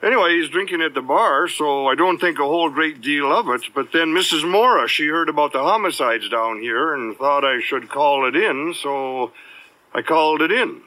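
An actor playing a talkative small-town bartender with a Minnesotan accent, rambling through a long story in film dialogue. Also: male voice, fairly high pitch, moderate pace, sharp tone, dry recording, rough recording. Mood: chatty.

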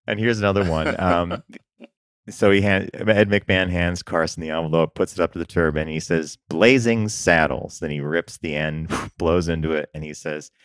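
A man co-hosting a business podcast in casual chat, an animated storyteller who laughs often. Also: deep voice, normal speed, no echo, studio quality. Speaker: podcast co-host.

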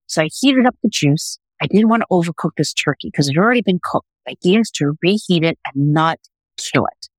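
A middle-aged woman, a food TV producer, telling a lively story as a podcast guest on a remote call. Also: on the low side, brisk, no echo, rough recording. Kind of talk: casual podcast interview.

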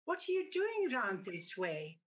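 A woman voicing an eager, chatty male pub landlord who speaks in excited, rising exclamations. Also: a little high, a little slow, lo-fi sound, heavily acted.

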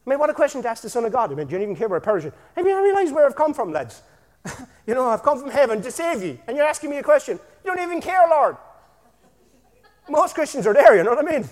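A man preaching energetically in a church, with bursts of shouting and a constant "amen?". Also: very high voice, very animated, fast, long reverb tail. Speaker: pastor. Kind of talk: sermon.

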